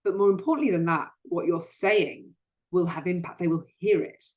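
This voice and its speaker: A woman's voice: fairly low pitch, normal speed, a little mellow. A woman hosting a solo self-help talk, speaking earnestly and often repeating words as she starts a sentence. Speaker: host.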